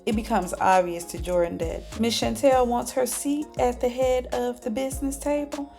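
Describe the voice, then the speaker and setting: A woman's voice: fairly high pitch, normal speed, mellow, faint music behind. Chatty woman recapping a TV show. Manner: chatty, sassy asides. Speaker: TV show reviewer.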